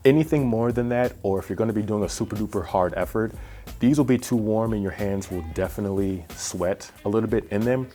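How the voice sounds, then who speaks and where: A man's voice: lowish voice, a little fast, mellow, soft background music. A man hosting a cycling vlog, chatting through a casual gear review in a rambling, self-deprecating way with plenty of fillers. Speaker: cycling vlogger.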